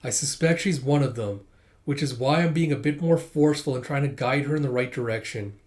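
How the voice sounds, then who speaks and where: A man voicing a strict, formal woman high school teacher in a plain reading voice, stiff and lecturing. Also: a little fast, a little mellow, close to an everyday voice. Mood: stern.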